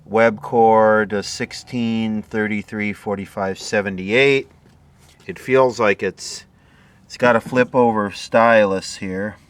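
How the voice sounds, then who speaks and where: A man's voice: lowish voice, takes it slowly, a bit bright. A middle-aged man casually narrating as he inspects old equipment in a workshop, thinking aloud with mumbled asides. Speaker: repair video host.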